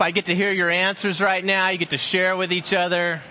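A man preaching as a high school pastor, posing slow rhetorical questions and acting out different tones of voice. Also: flat delivery, bright, forceful tone. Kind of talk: sermon.

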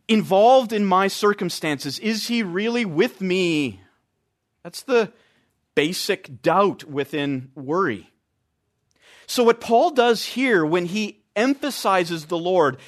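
A man's voice: high-pitched, fairly bright tone. A man preaching an expository sermon, stressing key phrases by repeating them.

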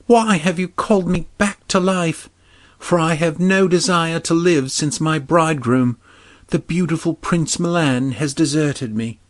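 A man voicing a sorrowful, gentle young princess in a storybook reading, with a raised, softened voice. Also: fairly high pitch, a little slow, pitched above the performer's own voice, natural voice. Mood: distraught.

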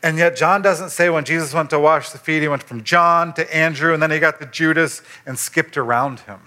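A man, a pastor, preaching a sermon in a conversational way and rising in pitch when he stresses a point. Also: fairly quick. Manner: conversational preaching, animated rises for emphasis.

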